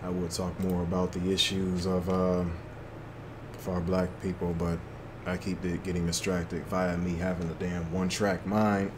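A man's voice: low-pitched, completely flat delivery, normal speed, noisy background. A young man giving loose, slangy commentary to himself while playing a shooter game. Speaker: gaming channel host. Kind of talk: casual gameplay commentary.

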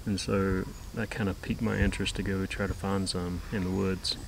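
A man's voice: low voice, little pitch movement, fairly quick, vocal fry, a little hiss or hum, poor audio. A young man in casual chat about his homestead, easygoing and plainspoken, often trailing off. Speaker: homestead vlogger, co-host. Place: outdoors at a garden.

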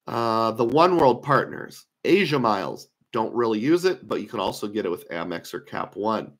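A man gives a casual screen-share lecture about credit card points, thinking aloud through his opinions with fillers in a conversational way. His lowish voice swings widely in pitch at normal speed and sounds slightly worn.

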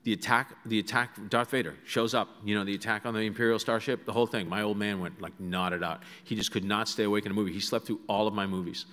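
A man with a fairly low voice spins comic stories for a live audience, chatty and animated, full of asides and fillers. His voice rings out with the long reverb of a big auditorium. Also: fast, hardly any pauses. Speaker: guest speaker. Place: large auditorium. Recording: reverberant hall sound.

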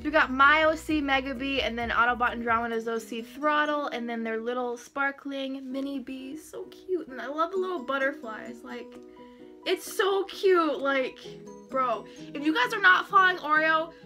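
A woman vlogger opening fan mail in a casual chat, excitable and gushing, laughing often. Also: high voice, normal speed, soft background music. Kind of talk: casual unboxing vlog.

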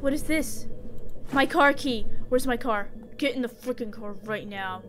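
A woman streamer narrates her own horror playthrough in a high, sharp, bright voice. She jokes and argues with the game, then shrieks when something jumps out. She talks at an unhurried pace between the screams. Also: slight background noise. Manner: jokey, talks to the game, screams at jump scares. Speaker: gaming streamer. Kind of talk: horror game let's play commentary.

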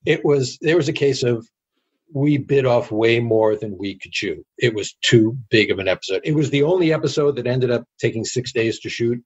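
Husky-voiced man telling stories. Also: medium pitch, normal speed, dull audio. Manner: animated anecdotes with acted quotes. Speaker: guest, TV show creator. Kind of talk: casual interview storytelling.

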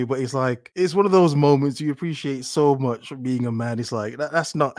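A man's voice: medium pitch, moderate pace, hardly any pauses, darkish tone, no echo, studio quality. Blunt mocking male commentator. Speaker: commentary host. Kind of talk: reaction commentary.

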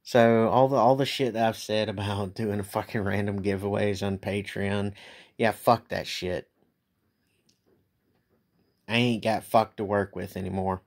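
A tired man venting in a bitter, profane late-night vlog monologue, with many halting restarts. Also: fairly low pitch, little pitch movement. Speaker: vlogger.

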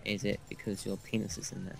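A man's voice: on the low side, completely flat delivery, quick pace, gravelly. A man co-hosting a game playthrough, telling a long, crude anecdote in a rambling, casual way. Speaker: gaming co-host. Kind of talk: casual gameplay chat.

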